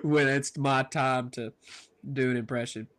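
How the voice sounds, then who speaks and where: A man's voice: medium pitch, steady tone, unhurried, fairly bright tone. A man co-hosting a podcast in casual chat, upbeat and explaining things at length. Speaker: podcast co-host.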